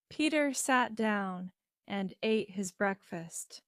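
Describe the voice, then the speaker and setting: Woman reading a learner story real slow, clear, dry close mic. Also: mid-range voice, expressive, no echo. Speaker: narrator. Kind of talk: graded reader story narration.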